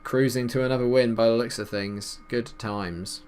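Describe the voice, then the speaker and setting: A man giving casual, chatty commentary over a football management game, calling plays and getting excited at goals. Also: medium pitch, normal speed, smooth. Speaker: gaming YouTuber.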